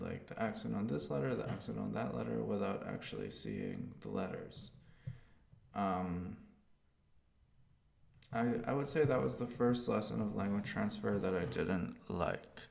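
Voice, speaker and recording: A man streaming himself learning a language, talking in a slow, hesitant way with fillers. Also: lowish voice, lively intonation, gravelly, darkish tone, slight background noise. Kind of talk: casual live stream commentary. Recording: roomy echo.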